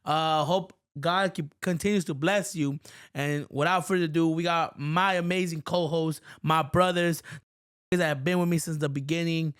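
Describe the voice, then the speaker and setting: A man's voice: a little high, fairly even intonation, normal speed, clean tone. A man hosting a casual podcast, opening the show with an upbeat welcome. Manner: upbeat, loud ad read. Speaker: podcast host.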